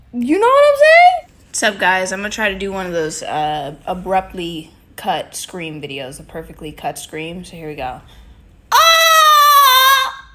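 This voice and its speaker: A woman's voice: mid-range voice, slight background noise. A young woman in her twenties doing crude, goofy comedy sketches into her phone with playful voice changes. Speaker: content creator.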